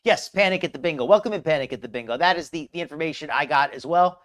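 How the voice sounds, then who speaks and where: Chatting casually and rambling on a live commentary stream, this host says hello to viewers in the chat. The voice sits mid-range, sounds fairly bright and goes fast.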